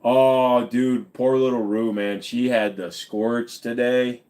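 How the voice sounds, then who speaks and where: A man's voice: mid-range voice, steady tone, takes it slowly, darkish tone. A tired man hosting a casual live stream, rambling and joking crudely with viewers, saying he feels dizzy. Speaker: livestream host.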